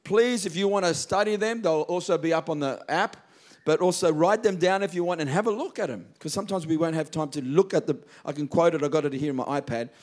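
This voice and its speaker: A man preaching a sermon, slowing down and stressing key words. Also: a little high. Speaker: pastor.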